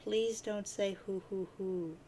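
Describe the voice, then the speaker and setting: A woman voicing a puzzled, good-natured teenage boy who asks quick, plaintive questions. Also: medium pitch, fairly even intonation, mellow, slight background noise.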